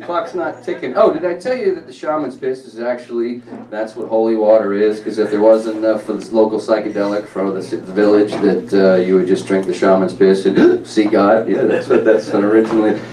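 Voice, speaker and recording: A man's voice: on the low side, fairly quick, few pauses, dark tone. A man doing a stand-up comedy set on stage, loose and self-mocking as he teases the crowd. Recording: live club mic, far off, roomy, crowd laughter. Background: audience laughter.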